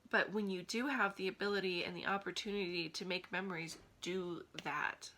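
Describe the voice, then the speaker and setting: Earnest woman with a bright, forceful voice. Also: lowish voice, fairly even intonation, normal speed, rough recording. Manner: earnest, pleading, encouraging. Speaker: vlogger. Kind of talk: heartfelt talk to camera.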